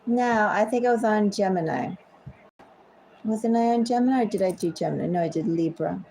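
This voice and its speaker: A woman's voice: medium pitch, moderate pace, vocal fry, mellow, a little hiss or hum, low-quality recording. A woman giving a casual tarot reading at home, chatty and easily sidetracked. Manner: chatty, easily sidetracked, talks to her cats. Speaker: tarot reader. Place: home with cats.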